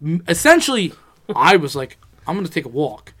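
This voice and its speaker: A man's voice: a little high, sing-song, a little fast, fairly bright tone. A young man telling a rambling, profane story in a casual chat among friends.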